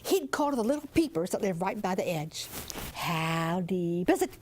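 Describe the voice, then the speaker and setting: An older woman from southern Indiana, telling a folktale in a lively, expressive way. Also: mid-range voice, fast talker, slight background noise. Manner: lively, expressive, audience-engaging. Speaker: storyteller.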